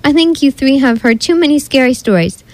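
A stern female camp counselor from a storybook, scolding and firm, her voice fairly high, as a woman reader puts her on. The sound is dry and close. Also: expressive, fairly quick, a little mellow, dry recording, rough recording.

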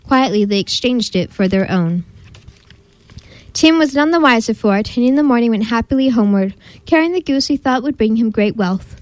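A woman reading a storybook aloud as host, her voice on the higher side. She narrates expressively, and the recording is dry and close. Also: lively intonation, moderate pace, no echo. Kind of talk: reading a picture book aloud.

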